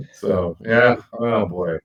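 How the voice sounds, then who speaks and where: A man with a low, husky voice tells stories on a podcast. He is animated and acts out what people said, his voice leaping high for the quoted bits. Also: poor audio. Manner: animated storyteller, acts out quotes with big pitch jumps. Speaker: podcast co-host. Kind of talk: casual storytelling chat.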